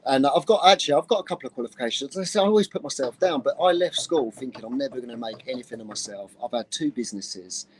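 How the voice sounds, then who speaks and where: A man in his twenties from Luton with an English accent, telling stories in an animated, laddish way in a casual chat. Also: mid-range voice, slightly rough, low-quality recording. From England. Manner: animated, laddish slang, quick stop-start telling.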